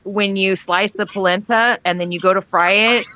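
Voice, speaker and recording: A woman's voice: medium pitch, steady tone, normal speed, bright, forceful tone. A woman in a casual livestream chat who gushes eagerly about cooking. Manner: eager, gushing about food. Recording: dull lo-fi sound with faint noise.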